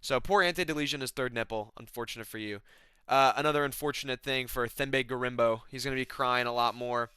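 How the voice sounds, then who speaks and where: Brash young man with a bright voice. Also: medium pitch, fast, smooth, dry recording. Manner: excited, sarcastic, with frequent fillers and repeated words. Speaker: MMA recap host. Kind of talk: casual recap and reactions.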